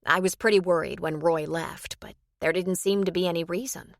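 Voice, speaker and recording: A regretful woman confesses in a rueful, embarrassed voice, as a woman narrator reads her. The tone stays low and close, with a dry, booth-like sound. It suits a romance audiobook. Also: fairly even intonation, normal speed, no echo, close to an everyday voice.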